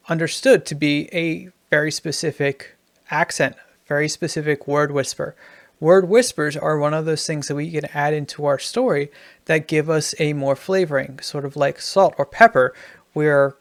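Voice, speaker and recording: A man with a gravelly, slightly high voice who explains writing craft in a loose tutorial style. He is recorded dry and close to the mic. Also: steady tone, moderate pace, no room sound. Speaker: writing teacher.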